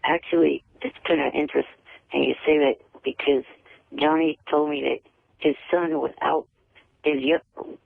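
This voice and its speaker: Gravelly-voiced man on a tinny phone line. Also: on the high side, fairly even intonation, no room sound. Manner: halting, repeats words, slow. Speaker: caller. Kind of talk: phone-in radio chat. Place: on a phone call.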